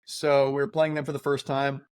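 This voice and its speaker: A middle-aged man co-hosting a podcast, telling a story in casual chat, animated and laughing as he acts out quotes. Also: medium pitch, moderate pace, clean tone, no echo. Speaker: podcast co-host.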